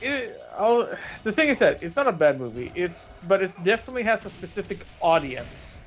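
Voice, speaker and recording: A man's voice: high voice, very animated, moderate pace, fairly bright tone. A man chatting casually on a game stream, hesitant and often restarting as he searches for words. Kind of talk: casual chat.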